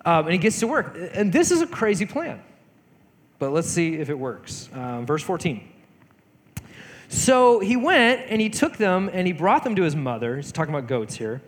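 A man preaching in a relaxed, chatty way, retelling an old story as if gossiping with friends. His voice sits a little high for a man, and a long reverb trails each phrase. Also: normal speed. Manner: chatty, conversational, acts out voices of characters. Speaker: pastor. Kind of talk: casual sermon retelling scripture. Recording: hall reverb.

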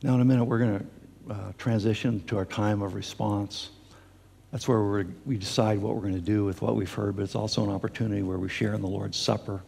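Gravelly-voiced pastor preaching in a hall. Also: male voice, lowish voice, flat delivery, brisk, darkish tone. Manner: earnest preaching with fillers and restarts. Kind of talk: sermon. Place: church sanctuary. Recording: long hall reverb.

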